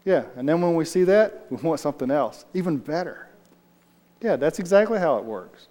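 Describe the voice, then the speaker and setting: Man with a slightly higher voice running a relaxed Bible study, chatty and responsive, in a room with long reverb. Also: normal speed. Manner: conversational, loose, answers the group as he goes. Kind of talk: casual Bible study teaching.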